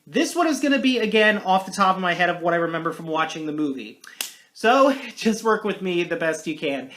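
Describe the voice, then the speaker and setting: A movie reviewer talking in a casual monologue, rambling and correcting themself often. They jump between loud, hyped-up lines and quiet muttered asides, and joke at their own expense. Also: medium pitch.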